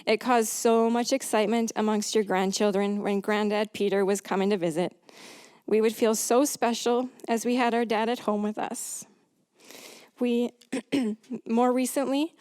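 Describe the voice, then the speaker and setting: A woman with an English accent reads a eulogy in a measured way, pausing now and then to clear her throat. Her voice sits a little high for a woman. The sound is dry and close, with no room around it. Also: a little mellow, no room sound. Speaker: family member reading tributes. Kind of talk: reading a eulogy aloud.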